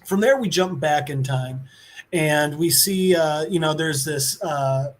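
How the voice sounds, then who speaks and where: A man's voice: on the high side, takes it slowly. A man co-hosting a podcast, casually recapping a comic book in a rambling, profane way, full of "uh" and "like" and with bits of acted-out dialogue. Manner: rambling, profane, filler-heavy, acts out quotes. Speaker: podcast co-host.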